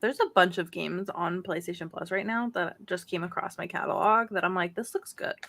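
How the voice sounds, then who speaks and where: A woman's voice: on the low side, fairly even intonation, a little fast, vocal fry, a bit bright, a little hiss or hum. A chatty woman co-hosts a gaming podcast in easygoing talk. She laughs often and trails off while hunting for names. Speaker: podcast co-host. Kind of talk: casual chat.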